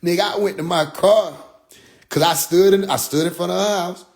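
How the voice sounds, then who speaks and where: A young man casually telling a personal story, profane and animated, jumping from loud outbursts to low muttered asides. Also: normal speed, gravelly.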